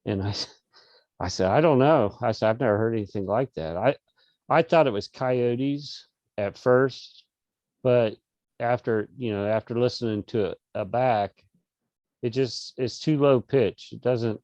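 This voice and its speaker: A man's voice: medium pitch, a little slow, darkish tone, no room sound, muffled recording. A middle-aged man, an interview guest, telling a casual story over a video call with lots of restarts and fillers. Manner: rambling, many restarts and fillers.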